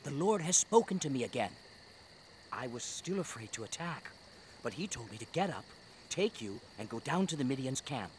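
A man voicing Gideon, an earnest adult Israelite leader who commands his army in an animated Bible story. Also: mid-range voice, normal speed, background noise, lightly acted. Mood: earnest, hushed. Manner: earnest, commanding when rallying troops.

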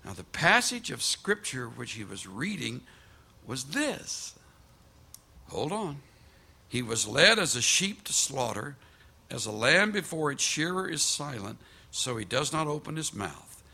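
A man preaching a sermon, telling stories in lively fashion and acting out the people he quotes. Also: mid-range voice, measured pace, gravelly, breathy edge. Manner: animated storytelling with quoted voices and restarts; preaches from a scripture passage. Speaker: pastor.

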